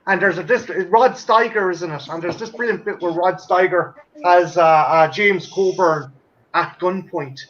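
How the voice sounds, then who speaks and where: High-voiced, enthusiastic swearing man. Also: normal speed, fairly bright tone, dull audio. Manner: enthusiastic, swears, tells stories. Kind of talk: casual chat.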